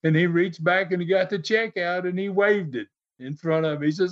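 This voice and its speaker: A man's voice: sits high, normal speed. A man casually recounting stories, rambling and dropping "man" and "uh" between phrases. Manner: rambling, peppers lines with 'man' and 'uh'. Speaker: storyteller recounting wrestling TV. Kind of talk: casual storytelling chat. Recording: dull lo-fi audio.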